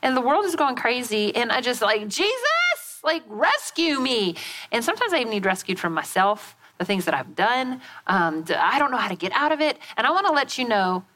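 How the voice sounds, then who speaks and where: A middle-aged woman pastor preaching a sermon, telling a story in a folksy, animated way. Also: a little high, fast, hardly any pauses, a little hiss or hum.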